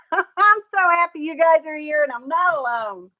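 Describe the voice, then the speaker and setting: A tired, sleepy woman with a drawl hosts a crafting livestream, picked up by her camera mic. Her voice sits fairly high, and she talks in an unhurried, folksy way. She chats warmly with viewers and greets them by name. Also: lively intonation, rough recording. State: sleepy, yawning. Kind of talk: casual livestream chat.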